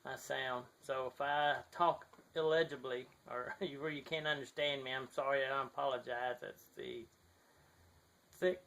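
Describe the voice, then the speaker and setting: Standing in the sunlight by his garage, a model builder with a thick Southern US accent talks to a shaky handheld camera in an unhurried, creaky, fairly bright mid-range voice with fairly even intonation. He's casual and self-deprecating, rambling apologetically with many fillers.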